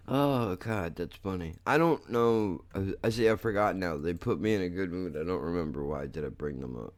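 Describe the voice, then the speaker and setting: A man hosting a podcast, chatting casually and excitably with lots of swearing and laughter as he reacts to clips. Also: deep voice, normal speed. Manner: excitable, profane, laughs often. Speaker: podcast host.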